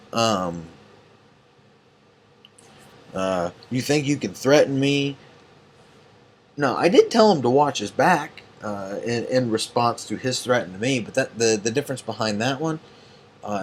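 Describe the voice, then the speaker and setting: A man's voice: mid-range voice, slight background noise. A tired man ranting late at night as an online group admin, angry and profane, rambling with many fillers. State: tired and yawning.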